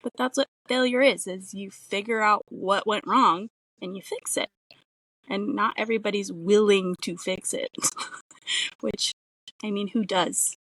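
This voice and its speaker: A woman's voice: mid-range voice, steady tone, measured pace, fairly bright tone, no room sound. A woman coach, a podcast guest, talking in an earnest and emphatic way. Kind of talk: casual chat. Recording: dry, distant from the mic.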